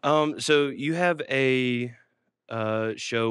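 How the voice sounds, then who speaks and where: A man hosting a comedic interview, asking odd questions in an awkward, deadpan way. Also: medium pitch, a little slow, clear, resonant tone, dry recording, clean studio sound. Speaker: host.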